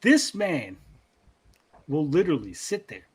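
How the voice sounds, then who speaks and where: Husky guy podcast host ranting thru a story, swears a lot, slightly high voice. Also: normal speed. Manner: animated, profane storytelling with many repeats. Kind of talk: casual chat.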